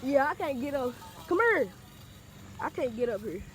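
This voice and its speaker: A woman's voice: high voice, lively intonation, normal speed. A woman vlogging while walking around a neighborhood, chatty and slangy, often out of breath. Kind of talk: casual handheld exploring vlog. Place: outdoors in a neighborhood. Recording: noisy outdoor phone audio.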